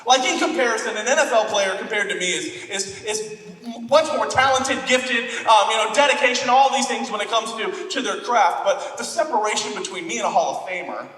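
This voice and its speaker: High-voiced joking pastor in echoey hall. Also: male voice, brisk, fairly bright tone, recorded from a distance. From Florida. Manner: joking, self-deprecating storyteller. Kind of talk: sermon. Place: church auditorium.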